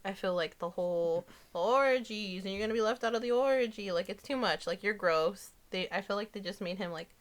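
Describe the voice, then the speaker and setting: A woman's voice: mid-range voice, brisk, few pauses. A woman co-hosting a review podcast in casual chat, blunt and emphatic, full of fillers. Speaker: podcast co-host.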